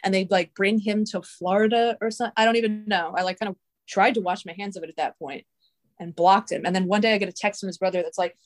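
A woman's voice: mid-range voice, quick pace. A young adult woman telling a long story in casual, rambling talk, swearing often and filling her speech with "like". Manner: profane, filler-heavy, rambling.

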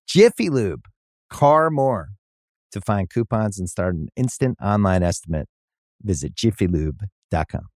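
A man's voice: lively intonation, measured pace, a little mellow, no room sound, studio quality. Upbeat man reading a podcast ad. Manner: upbeat sales pitch. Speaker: ad reader. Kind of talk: host-read podcast ad.

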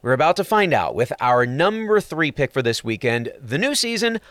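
Man, entertainment host, animated pitch, dry close sound, playful scripted delivery. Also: moderate pace, dry recording. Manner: upbeat, playful presenter delivery. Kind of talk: scripted entertainment narration with puns.

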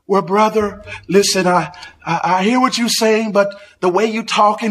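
A man's voice: high-pitched, steady tone, normal speed, a bit bright, a little hiss or hum. Blustering, combative preacher man. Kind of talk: angry live-stream rant.

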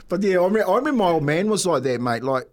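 New Zealand man, slightly high pitch, laughing storyteller, casual banter co-host. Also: lively intonation, racing. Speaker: radio show co-host.

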